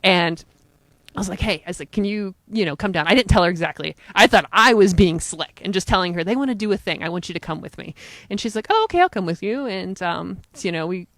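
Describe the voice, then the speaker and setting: A woman with a Pittsburgh accent, a podcast guest in casual chat, telling stories in an animated way and laughing often. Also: fairly low pitch, fast talker, dry recording.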